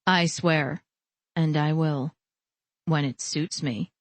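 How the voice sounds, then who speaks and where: A woman voicing a teasing adult man in an audiobook, dropping her voice lower for him. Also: fairly even intonation, takes it slowly, no room sound. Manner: teasing, playful.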